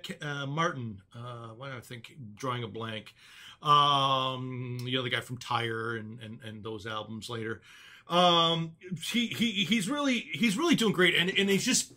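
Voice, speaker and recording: A man's voice: fairly high pitch, pushed and bright. A man hosting his own channel, chatting casually and rambling enthusiastically with many fillers. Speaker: channel host. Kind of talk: casual chat.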